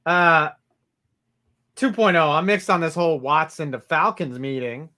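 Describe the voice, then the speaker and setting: A man's voice: a little high, animated, a little slow, bright, forceful tone. Casual, joking sports-podcast man. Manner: loose, swearing, jokey asides. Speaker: podcast co-host reading listener comments.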